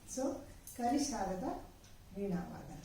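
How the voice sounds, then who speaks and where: A woman teaching dance steps, explaining patiently with pauses and fillers as she demonstrates. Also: mid-range voice, big pitch swings, mellow. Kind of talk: step-by-step dance instruction. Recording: very echoey room, voice far from the mic, faint noise.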